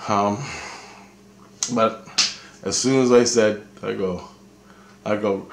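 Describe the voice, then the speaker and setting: A man's voice: lowish voice, steady tone, slow, gravelly, pauses often, echoey room, a little hiss or hum. A man from Canada telling a personal story in a rambling, profane way, often repeating himself. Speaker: vlogger telling experiences. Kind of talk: casual storytelling.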